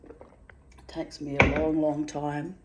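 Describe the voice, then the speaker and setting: A woman's voice: deep voice, flat delivery, takes it slowly, very noisy. A woman in a casual, rambling monologue, chatty and quirky, swearing freely and calling her listeners babies and darlings. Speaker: vlogger.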